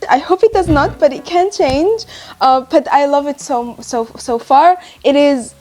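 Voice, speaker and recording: A woman's voice: sits high, a little slow, darkish tone, faint music behind. A young woman with a slight non-native accent rambles casually about a book she is reading, full of fillers and asides. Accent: non-native English. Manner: chatty and rambling, lots of fillers. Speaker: book vlogger. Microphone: handheld mic, then set in lap.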